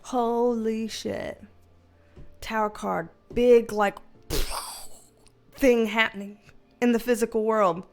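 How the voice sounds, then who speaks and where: A woman's voice: fairly high pitch, fairly even intonation, slow, long pauses, soft background music. Chatty woman tarot reader, rambling. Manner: chatty, rambling, emotional, many fillers. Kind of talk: casual tarot reading video.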